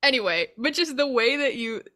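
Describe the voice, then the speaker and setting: A woman's voice: sits high, expressive, a little fast, bright, forceful tone. Blunt, swearing woman podcast host. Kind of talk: casual chat.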